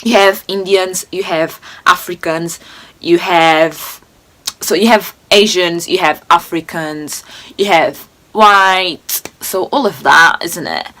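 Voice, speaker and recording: A woman's voice: on the low side, slow pace, sharp tone. A woman in her twenties giving casual reaction commentary, indignant and rambling, with many restarts. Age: 20s. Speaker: reaction video host.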